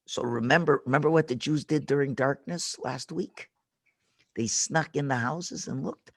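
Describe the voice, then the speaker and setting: A rabbi telling a lesson story to children over a video call, dramatic and full of questions to the kids. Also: male voice, mid-range voice, normal speed, gravelly, no echo, clean studio sound.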